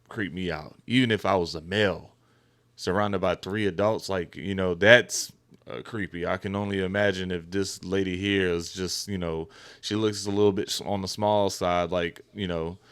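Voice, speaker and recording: A middle-aged man hosting a casual talk show, reacting to a guest's story in an animated, loose way. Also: deep voice. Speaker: podcast host. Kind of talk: casual chat.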